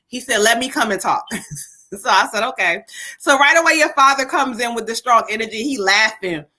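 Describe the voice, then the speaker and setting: A woman tarot reader on a live stream, speaking in a bright, slightly high voice. She giggles often and swears casually while she passes along messages. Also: brisk. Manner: giggly, animated, swears freely. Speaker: psychic reader. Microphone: webcam or phone on a live stream.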